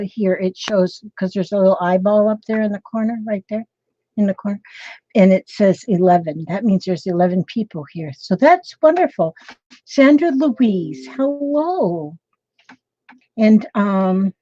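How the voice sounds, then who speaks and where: A chatty woman hosts a casual craft livestream, wandering from thought to thought and greeting viewers by name. Her voice is warm and mellow, and the recording is dry and a little dull, like home stream audio. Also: medium pitch, dry recording. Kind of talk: casual live chat with viewers.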